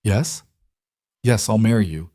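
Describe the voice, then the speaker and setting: A gentle, sincere young woman of eighteen speaks in a storybook western, read by a man. The voice sits fairly low and sounds close and dry. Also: unhurried, no room sound, lightly acted. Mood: tender.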